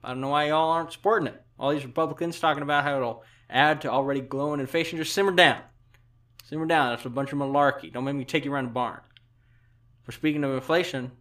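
A man's voice: medium pitch, lightly acted. A man doing an impression of a rambling elderly president, with a put-on Southern drawl and a mushy sound, as if something is in his mouth. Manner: meandering deadpan jokes, trailing asides. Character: rambling elderly male president, folksy and off-color. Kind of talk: satirical speech impression.

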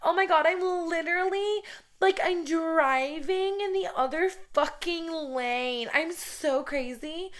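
A giddy, shrill party girl pitched far above an everyday voice, hungry for attention as she broadcasts herself. A woman puts her on in mockery. She sounds airheaded and self-absorbed. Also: slow. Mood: giddy mocking. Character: ditzy young woman drunk-driving on a livestream.

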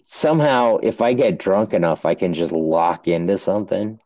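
A man co-hosting a podcast, talking in slow, hesitant, rambling casual chat. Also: low voice, animated, dark tone, dry recording, rough recording. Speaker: podcast co-host.

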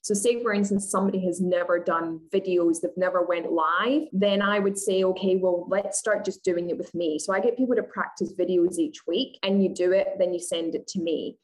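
A woman's voice: fairly low pitch, a little fast, hardly any pauses, poor audio. A woman with a Scottish accent, a communication coach speaking as an interview guest in a direct, blunt way. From Scotland. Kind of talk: interview answers.

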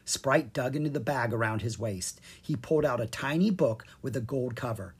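A narrator reading a children's chapter book aloud, with animated storytelling and a distinct voice for each character. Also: mid-range voice, normal speed, slightly rough. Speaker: audiobook narrator.

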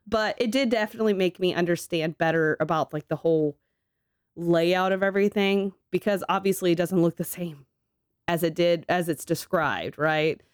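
Low-voiced woman, laughing, swearing co-host. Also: normal speed, clear, resonant tone, dry recording, studio quality. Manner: laughs often, swears casually. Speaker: podcast co-host. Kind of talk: casual chat.

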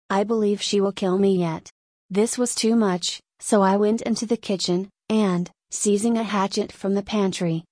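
A woman narrating an audiobook in a steady, measured reading voice. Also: mid-range voice, no room sound.

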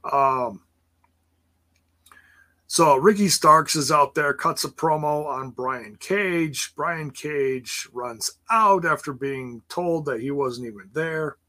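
Slow, rambling man, bright tone. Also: on the high side. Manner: rambling, sarcastic asides, frequent ums and laughs. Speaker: wrestling show recap host. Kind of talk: casual livestream recap chat.

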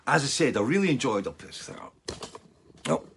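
A man's voice: mid-range voice, sing-song, brisk, a bit bright, slight background noise. A Scottish man in his sixties, a musician hosting a fan Q&A show, chatting casually and rambling with lots of asides. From Scotland. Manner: loose and chatty, full of fillers and asides.

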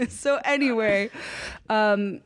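A young adult woman, a guest life coach, telling her story in a chatty, animated podcast interview and laughing often. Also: on the high side, extremely slow.

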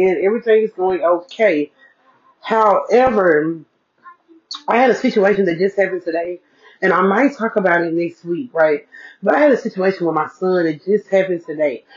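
A woman's voice: lowish voice, moderate pace. A woman hosting a casual solo podcast, chatting to her listeners, repeating phrases for emphasis and calling them y'all. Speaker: podcast host, single mom. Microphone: podcast mic. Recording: dull lo-fi recording.

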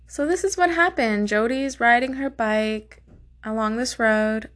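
A woman's voice: sits high, steady tone, unhurried, fairly bright tone. A woman telling a true crime story in a casual, blunt way, swearing often and sounding openly indignant.

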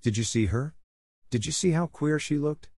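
A man voicing a gossipy excited schoolgirl. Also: on the low side, fairly quick, gravelly, dry recording, clean studio sound, exaggerated voice. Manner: eager, gossiping.

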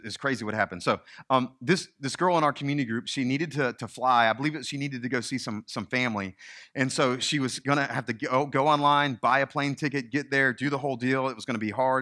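A man's voice: medium pitch, sharp tone. A male pastor preaching a sermon in a conversational, emphatic way.

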